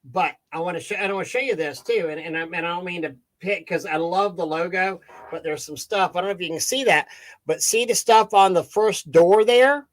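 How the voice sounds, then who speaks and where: A man with a fairly high voice co-hosts a relaxed live video chat. He gives frank advice and often stumbles and restarts his sentences. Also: a little fast. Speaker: co-host.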